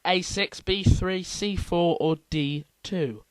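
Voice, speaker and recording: This man's voice sits high and clean as he runs a casual quiz at a slow pace. Reading the multiple-choice answers, he adds playful remarks; the recording is rough but free of room sound.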